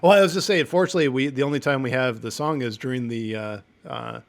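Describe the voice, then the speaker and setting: A man's voice: mid-range voice, quick pace, gravelly. A man from Canada with a Canadian accent, co-hosting a podcast in easygoing casual chat, laughing often. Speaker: podcast co-host.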